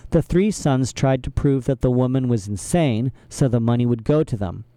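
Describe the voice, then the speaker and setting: A man's voice: medium pitch, moderate pace, mellow, clear, resonant tone, no room sound, close to an everyday voice. A man voicing a clever, worried teenage girl who speaks in an earnest, glum way.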